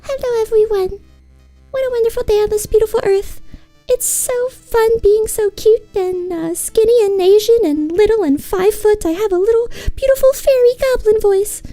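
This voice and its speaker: A woman voicing a tiny, overly cheerful cutesy female streamer persona with a high, sweet fairy-like voice. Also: normal speed, dark tone, no echo, soft background music, rough recording. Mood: gushing.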